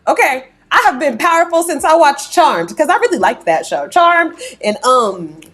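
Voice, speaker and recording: A woman's voice: sits high, animated, moderate pace, a bit bright. A woman hosting a reaction commentary, blunt and sarcastic, mocking the clips she plays. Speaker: commentary host.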